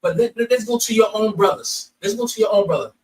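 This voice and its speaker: A man hosting reaction commentary, rambling and profane, with hurried restarts. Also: sits high, animated, distant mic, slight background noise, low-quality recording. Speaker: commentary host.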